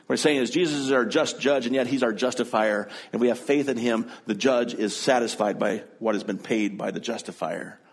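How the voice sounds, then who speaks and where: A middle-aged male pastor delivers a sermon, weaving a personal story into his teaching. He speaks in an earnest, conversational way at an ordinary pitch for a man, like someone talking to a congregation he knows. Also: brisk, hardly any pauses, breathy edge.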